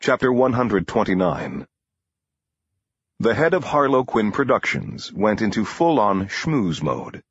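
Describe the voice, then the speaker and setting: Low husky male narrator. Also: very animated, unhurried, dry recording. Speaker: audiobook narrator. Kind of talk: first-person thriller narration. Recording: muffled dry close-mic audio.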